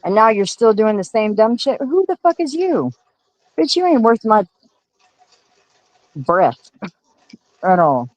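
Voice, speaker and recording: A woman's voice: medium pitch, very animated, unhurried, pauses often, no echo, poor audio. A woman hosting a livestream, scolding her chat in a profane, confrontational rant. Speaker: livestream host.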